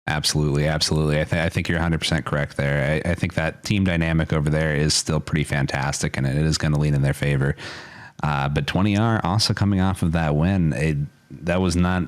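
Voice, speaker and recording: A man giving color commentary on a competitive shooter match, relaxed and agreeable with his co-caster. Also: rumbling low, fast talker. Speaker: esports co-caster.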